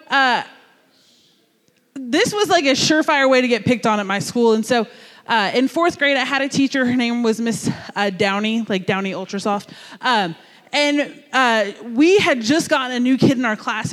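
High-voiced man preaching in a reverberant hall. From New Jersey. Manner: animated, jokey, conversational. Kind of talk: storytelling sermon.

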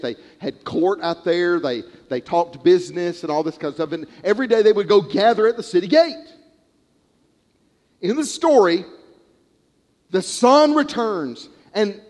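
High-voiced preacher telling a story. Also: male voice. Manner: animated storytelling, acting out characters. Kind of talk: sermon. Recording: long hall reverb.

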